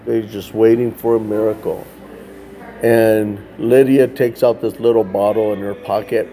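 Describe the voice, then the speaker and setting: A man telling a story casually, lively and full of "like" fillers, with soft music faintly behind him. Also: lowish voice, moderate pace, a little hiss or hum. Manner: animated, acts out the children's voices, frequent "like" fillers. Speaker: ministry worker telling a story.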